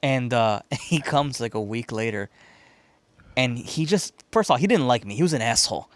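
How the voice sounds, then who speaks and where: A man's voice: medium pitch, animated, moderate pace, no room sound. A man co-hosting a podcast, telling a wild story in casual chat, swearing freely, laughing often and acting out the voices of the people in it. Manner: profane, laughing, acts out voices in stories. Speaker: podcast co-host. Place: podcast studio room.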